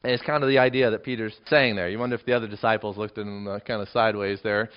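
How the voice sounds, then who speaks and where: This male pastor has a lowish, clear, resonant voice and talks fast with fairly even intonation and hardly any pauses. His expository sermon is emphatic, building into dramatic swells on quoted passages. Audio quality is dull and lo-fi.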